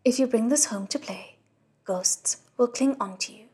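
A woman's voice: fairly high pitch, normal speed, warm tone, husky, soft background music. A woman voicing an earnest, kind young male crown prince in a storybook reading, solemn and admonishing.

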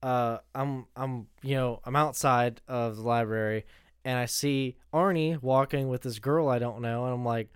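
Laid-back young man, smooth voice. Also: medium pitch, fairly even intonation, moderate pace, no room sound, studio quality. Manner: laid-back, laughing, swears. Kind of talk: casual chat. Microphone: close podcast mic.

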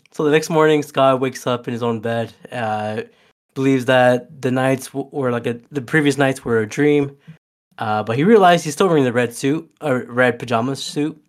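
A man casually recapping a movie with a co-host, rambling with many fillers and restarts. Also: medium pitch. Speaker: podcast co-host. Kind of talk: casual movie rewatch chat.

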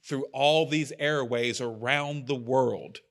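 A man's voice: mid-range voice, slow. A man speaking as a pastor, giving a casual, rambling sermon with self-deprecating asides.

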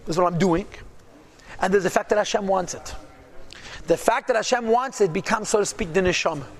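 A man with a high voice teaches a religious text, reading each phrase and translating it. He keeps checking in with "yeah?" and "right?" and answers his own rhetorical questions. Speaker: Torah teacher. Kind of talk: text-based religious class.

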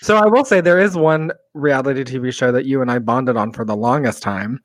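A man co-hosting a casual podcast, animated and theatrical as he tells stories and reacts. His voice sits at an ordinary middle pitch for a man. It is recorded dry and close, with no room sound around it. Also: no room sound. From Mexico. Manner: animated, dramatic, quick to exclaim. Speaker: podcast co-host. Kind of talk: casual chat.

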